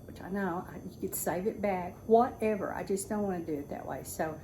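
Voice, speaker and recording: A woman's voice: fairly low pitch, brisk, dark tone, low-quality recording. A woman in her sixties, a retired teacher, ranting casually at home in a talkative, exasperated way with sarcastic asides. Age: 60s. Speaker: vlogger. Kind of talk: casual rant. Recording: noticeable background noise.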